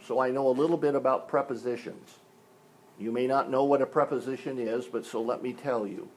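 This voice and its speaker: An older man preaching a sermon, explaining things step by step like a teacher and leaning on single words for emphasis. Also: medium pitch. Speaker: pastor.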